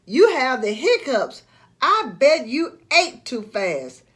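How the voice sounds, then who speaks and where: A woman's voice: sits high, sing-song, takes it slowly, fairly bright tone, heavily acted. A woman reading a patient cartoon mouse. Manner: patient, explaining. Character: calm, helpful male cartoon mouse. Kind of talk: storybook read-aloud.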